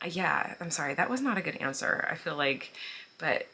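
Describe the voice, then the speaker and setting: A woman in her thirties talks loosely to her viewers, her low voice carrying a bright, forward edge. She rambles in a chatty way with plenty of "like" and "um" and small laughs. A faint hiss sits under the recording. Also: expressive, normal speed. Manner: chatty, frequent "like" and "um", laughs while talking. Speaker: vlogger answering viewer questions. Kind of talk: casual chat.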